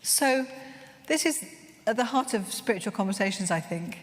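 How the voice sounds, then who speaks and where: A woman gives a conference talk with heartfelt earnestness, weaving in stories as she leads a workshop. Her voice sits at an ordinary middle pitch. A long reverb trails her words around the large room. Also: animated, moderate pace. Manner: earnest, heartfelt, gently searching. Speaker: workshop leader at a chaplains' conference.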